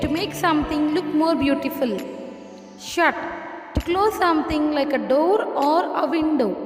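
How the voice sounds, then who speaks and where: Slow, high-voiced woman teacher spelling words. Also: reverberant, big-room sound. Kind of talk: dictating a lesson, spelling words.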